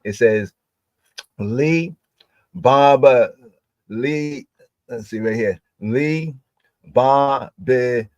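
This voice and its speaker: A man teaching a scripture word study on a podcast, repeating each word several times and sounding it out slowly. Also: medium pitch, a little mellow, no echo, muffled recording. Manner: slow, repeats words and sounds them out. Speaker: religious teacher.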